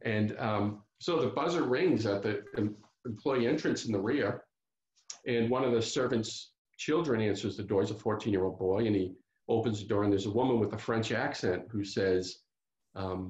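A man's voice: on the low side, normal speed, a little mellow, roomy sound, muffled recording. A man giving an author talk, telling a true crime story with many fillers and restarts over a video call. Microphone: computer mic on a video call.

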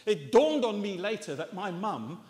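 Lively older man preaching in a reverberant hall. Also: high voice, moderate pace. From England. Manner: chuckling, storytelling, self-mocking. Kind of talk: sermon with personal story. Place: church hall. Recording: long reverb of a church hall.

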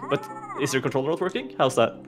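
A man's voice: mid-range voice, quick pace, music in the background. A man streaming a video game with a friend, chatting casually, laughing often and restarting his sentences. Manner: laughing, excitable, frequent restarts. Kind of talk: casual gaming chat.

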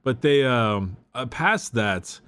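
Young male co-host, mid pitch, casual book chat, stammers and restarts. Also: slow, smooth. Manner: relaxed, stammery restarts, recounts scenes with quoted lines. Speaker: podcast co-host.

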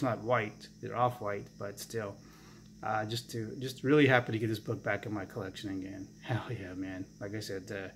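A man's voice: mid-range voice, a little hiss or hum. A man chatting casually to his camera as a comic book collector, enthusiastic and rambling with lots of fillers.

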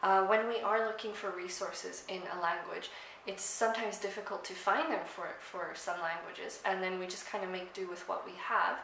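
A young woman from South Africa, Afrikaans her first language, talks casually to camera about languages and fills her speech with ums and likes. Her voice is bright and clear. The room is echoey, with a faint hum of ambience behind her. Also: mid-range voice, steady tone, normal speed. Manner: chatty, with frequent ums and likes. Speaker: language vlogger. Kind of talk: casual explanatory talk to camera.

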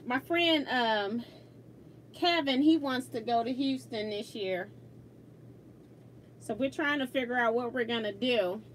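A woman's voice: fairly high pitch, a little slow, long pauses, slight background noise. A woman hosting a casual quilting livestream from her sewing room, laughing often and reading viewer comments aloud as she works.

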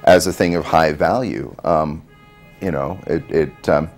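Faint music plays behind a rumbling low voice that moves a little slowly. It belongs to a middle-aged man, the son of an actress, who rambles hesitantly through stories about his mother in a casual interview, with plenty of ums.

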